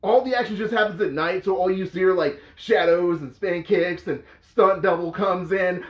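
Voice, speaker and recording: A man with a high voice hosts a casual movie review. He talks in an animated, exasperated way and breaks into incredulous outbursts. The sound is dull and lo-fi, with room echo behind him. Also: moderate pace, hardly any pauses. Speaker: host of a movie review show.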